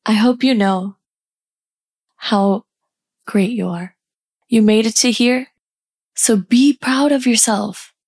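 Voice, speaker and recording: A woman hosting a self-care podcast, guiding listeners through affirmations in a warm, encouraging, casual way. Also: on the high side. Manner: slow deliberate pacing on repeated affirmations. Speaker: podcast host.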